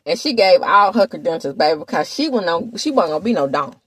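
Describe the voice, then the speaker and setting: Sassy, lively woman gossip host. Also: fairly low pitch, fast talker, husky, no echo. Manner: sassy, animated, talks straight to viewers. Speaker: gossip commentator. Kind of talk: casual reality TV recap.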